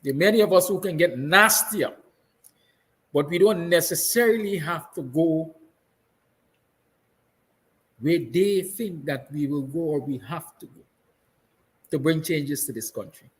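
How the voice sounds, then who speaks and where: A Guyanese man with a slightly high voice holds forth in a fiery, emphatic monologue. He hammers his points home through repetition, and emotion sits close beneath his words. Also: a little slow, pauses often, poor audio. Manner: fiery, emphatic, repeats lines; soft, tender passages. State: emotional, near tears. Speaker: host. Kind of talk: impassioned monologue.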